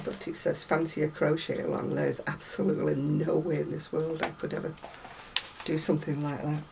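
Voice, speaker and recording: A woman's voice: sits low, vocal fry, background noise. A woman chatting casually to viewers about craft magazines, rambling and self-deprecating, a little unwell. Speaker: craft vlogger.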